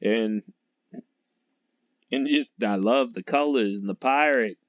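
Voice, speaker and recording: A sports fan vlogger from Massachusetts rambles through a casual football monologue, laughing often and trailing off. His voice is medium-pitched and he takes it slowly. There's no echo, studio quality, though the recording sounds dull and lo-fi.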